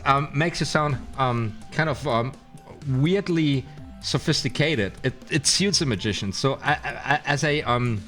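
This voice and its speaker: A man's voice: mid-range voice, fairly bright tone, soft background music. A man with a German accent, a non-native English speaker, teaching card magic in a casual live stream, reading aloud and sounding out words with many fillers. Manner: chatty and playful, hesitant with fillers, sounds out words slowly.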